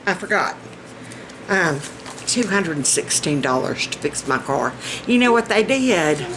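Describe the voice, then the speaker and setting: A woman's voice: fairly low pitch, expressive, unhurried, background noise. A woman with a Southern US accent chatting to camera in a folksy, exclaiming way as a vlogger. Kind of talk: casual chat to camera.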